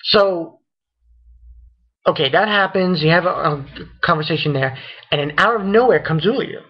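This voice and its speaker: A man's voice: fairly high pitch, moderate pace, breathy edge, dull audio. A man hosting his own channel, rambling through a casual review rant and stringing events together with "and then". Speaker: manga reviewer, channel host.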